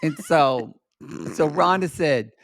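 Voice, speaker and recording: A man co-hosting a podcast, retelling reality show scenes in quick, enthusiastic casual banter. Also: fairly high pitch, animated, fairly bright tone, no room sound, clean studio sound. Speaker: podcast co-host.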